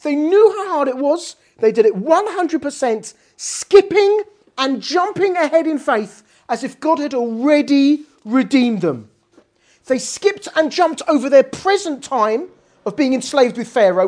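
A woman teaching a lively Torah lesson, asking many rhetorical questions and mixing in Hebrew terms. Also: high-pitched.

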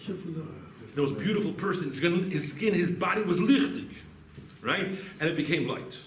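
A man teaching a Talmud lesson as a rabbi, animated and often asking rhetorical questions with a quick "right?". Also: a little high. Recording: echoey room with faint background noise.

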